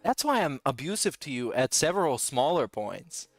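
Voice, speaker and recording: A man's voice: medium pitch, sing-song, moderate pace, no echo, soft background music. A man hosting a podcast, giving sarcastic, profane commentary on clips and laughing often. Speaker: podcast host reacting to clips.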